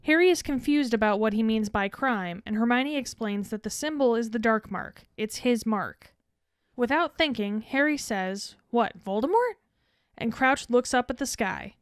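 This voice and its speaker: Woman podcast cohost reading a movie recap, smooth clear voice, bit high, dry sound. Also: moderate pace, no room sound. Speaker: podcast co-host. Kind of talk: reading a film scene summary.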